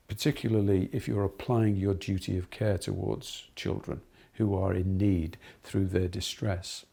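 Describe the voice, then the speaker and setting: Middle-aged male teacher trainer, gravelly and mellow, earnest lecturing with anecdotes. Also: lowish voice. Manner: earnest, anecdotal, with frequent fillers and restarts.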